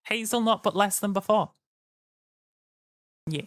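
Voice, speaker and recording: A man's voice: on the high side, expressive, a little slow, pauses often, a bit bright, no room sound, studio quality. A tired man chatting casually to his live-stream audience, rambling and joking. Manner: rambling, jokey, slips into silly voices. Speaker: livestreamer.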